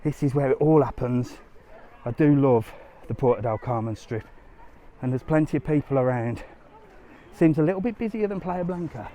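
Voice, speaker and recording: On a live stream from a busy resort street, a travel vlogger narrates a walking tour in a warm, medium-pitched voice at a moderate pace, with a little hiss or hum. He chats casually with viewers and is slightly out of breath from walking.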